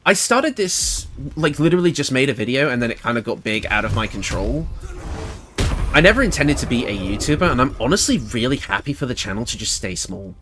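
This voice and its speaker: A man's voice: mid-range voice, sing-song, brisk, background noise. A man with a British accent chatting casually while streaming a game, thinking aloud and laughing often. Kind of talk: casual gameplay livestream commentary.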